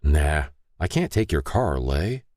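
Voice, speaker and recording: A man's voice: a bass voice, big pitch swings, slow, a little mellow, no room sound, studio quality, full character voice. A man voicing a proud, grumbling working man. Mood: grumbling terse. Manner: grumbling, terse. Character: proud, embarrassed man down on his luck.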